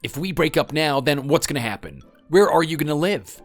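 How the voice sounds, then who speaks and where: A man's voice: a little high, expressive, a little fast, faint music behind. A man voicing a defensive, pleading husband. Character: defensive husband clinging to his marriage. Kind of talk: scripted dialogue drama.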